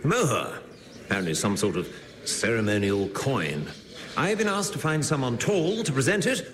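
An actor playing a stiff, formal British official in colonial India who speaks with an upper-class British accent. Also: male voice, mid-range voice, big pitch swings, moderate pace, a bit bright, a little hiss or hum. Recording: film clip with long reverb and faint ambience.

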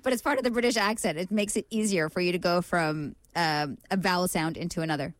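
A woman's voice: lowish voice, quick pace, no room sound. A woman co-hosting a casual morning radio show, laughing often as she reads listener messages aloud. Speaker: radio co-host.

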